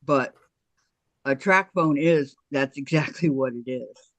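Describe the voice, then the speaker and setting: A woman's voice: extremely low pitch, slow, dry recording. A woman hosting a casual video call who chats, reads viewer comments aloud and laughs easily. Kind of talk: casual chat.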